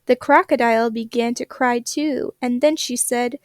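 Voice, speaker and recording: A woman reading a children's picture book aloud with gentle, expressive storytelling. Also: a little high, moderate pace, few pauses, dry recording, studio quality. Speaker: storybook reader.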